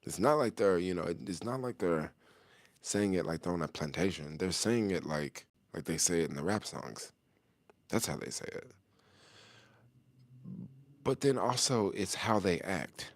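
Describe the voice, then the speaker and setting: A man's voice: sits low, animated, unhurried, long pauses, no room sound. A middle-aged man talking casually to the camera in loose, slangy street talk, chuckling often as he answers a viewer's question.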